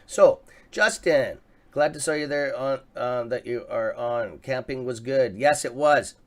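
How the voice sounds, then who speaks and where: A Canadian man hosting a casual live stock-market stream, chatty and excitable, swearing freely and reading out viewer comments. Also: mid-range voice. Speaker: livestream host.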